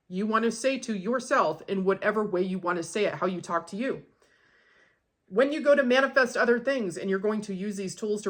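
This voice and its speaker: Woman, manifestation coach, casual teaching, blunt, profane, emphatic. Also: medium pitch. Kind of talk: casual instructional talk.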